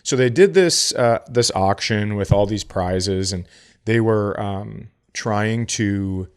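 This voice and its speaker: A man's voice: lowish voice, takes it slowly, smooth. A man co-hosting a podcast, telling a story in a casual, joking way and acting out the people he quotes. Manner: laid-back, joking, acts out quotes in voices. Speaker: podcast co-host.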